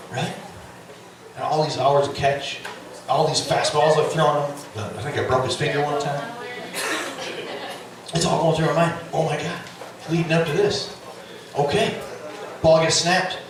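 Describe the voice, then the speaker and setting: A middle-aged man doing stand-up storytelling, animated and profane, with loud yelling bursts. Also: on the high side. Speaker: stand-up comedian. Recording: echoey club, distant mic, audience. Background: audience laughter.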